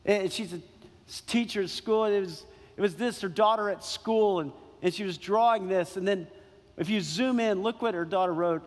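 Pastor guy preaching, higher voice, keeps repeating himself for emphasis, big echoey sanctuary. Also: normal speed. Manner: emphatic, repeats key phrases, asks the congregation questions. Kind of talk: sermon. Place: church sanctuary. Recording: long reverb in a large hall.

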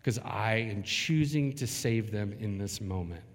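Slow-preaching pastor in a reverberant hall. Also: male voice, fairly low pitch. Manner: dramatic preaching with slow emphatic pauses. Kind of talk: sermon.

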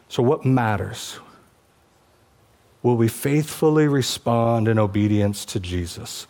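A man preaching a sermon from the pulpit of a church. He talks to the congregation in a conversational way and pushes into passionate, emphatic stretches. His pitch sits in an ordinary middle range. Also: a little mellow. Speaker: pastor.

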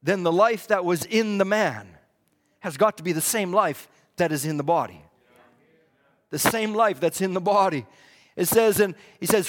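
A man preaching a fervent sermon in a church, repeating his lines and swinging from loud to hushed. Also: sits high, expressive, moderate pace. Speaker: pastor. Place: church hall. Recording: long hall reverb.

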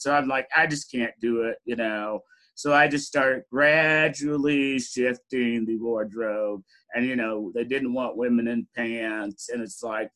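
A man's voice: medium pitch, pushed and bright, low-quality recording. A middle-aged man, an interview guest, telling personal stories in a candid way, laughing often and saying "you know" a lot. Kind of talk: reflective personal storytelling.

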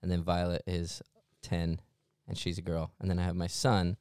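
Deep, smooth-voiced joking worship leader. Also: male voice, monotone, normal speed, darkish tone, no room sound, studio quality. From Mesa, Arizona. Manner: playful, joking. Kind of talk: casual podcast conversation.

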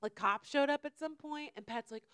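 A young woman co-hosting a casual chat, telling stories with loud, high impressions of her neighbors and swearing freely. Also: a little fast. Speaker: podcast co-host.

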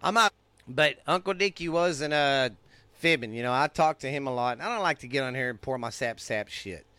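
A man's voice: mid-range voice, animated, a little fast, pushed and bright, smooth, no room sound. Angry profane Texan man ranting. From United States. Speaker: podcast host. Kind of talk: ranting monologue.

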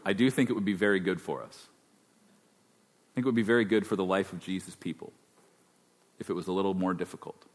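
A man's voice: low voice, brisk, long pauses. A man preaching a sermon as pastor, conversational and then emphatic. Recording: long hall reverb.

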